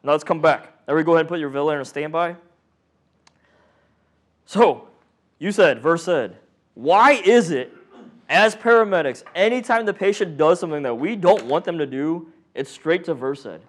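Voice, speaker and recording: A man's voice: on the high side, moderate pace. A man teaching a paramedic training class in a casual, joking way, quizzing the room and acting out patients. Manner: joking, animated, acts out patient and monitor voices. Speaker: paramedic instructor.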